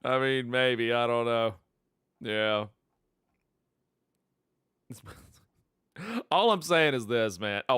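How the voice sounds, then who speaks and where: An excitable man chatting on a live stream, laughing often and repeating himself. His voice is bright and smooth, sitting at an ordinary pitch. The sound is close and dry, with faint music under him. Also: extremely slow, pauses often, no echo. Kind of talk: casual livestream chat.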